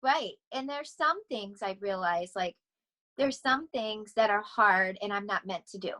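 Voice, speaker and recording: A middle-aged woman talking casually as a podcast guest, rambling and animated, often laughing as she speaks. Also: mid-range voice, measured pace, rough recording. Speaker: podcast guest, vocal coach. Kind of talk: casual interview chat.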